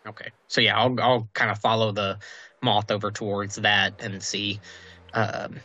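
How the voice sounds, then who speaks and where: A man describes his moves in a tabletop game, casual and a little hesitant. His voice is bright and forward. The audio is muffled. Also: on the low side, little pitch movement, measured pace. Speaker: player.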